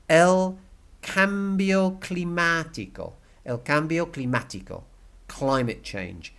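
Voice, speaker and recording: A man's voice: a little high, sing-song, slow, vocal fry. A man teaching a recorded language lesson, explaining step by step, repeating key words and checking with "okay?".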